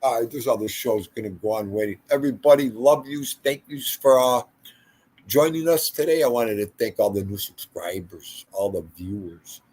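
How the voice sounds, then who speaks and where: Man, older, husky, casual livestream host, rambling storyteller. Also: medium pitch, normal speed, a little mellow. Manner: rambling storytelling, talking to chat by name. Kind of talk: casual livestream chat reading viewer comments.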